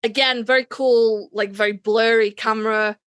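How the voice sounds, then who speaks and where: Woman co-host, higher pitch, animated casual storyteller who swears freely. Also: moderate pace, clear, resonant tone. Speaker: podcast co-host. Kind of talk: casual chat recapping a TV episode. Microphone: online voice chat.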